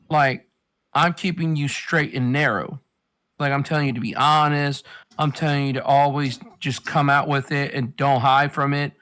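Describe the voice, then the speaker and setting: A man's voice: on the high side, a bit bright. Rambling, profane man giving advice. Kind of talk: casual chat.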